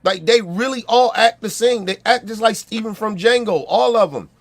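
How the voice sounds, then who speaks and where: A man's voice: high voice, normal speed. A man with a Baltimore accent giving a blunt, profane opinion rant, repeating himself and checking that listeners agree.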